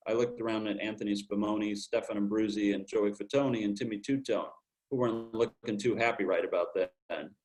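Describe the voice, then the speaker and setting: A man's voice: lowish voice, fairly even intonation, fairly quick, darkish tone, rough recording. A man at home reading his first-person detective story aloud over a video call. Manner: hard-boiled storybook narration. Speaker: open mic reader.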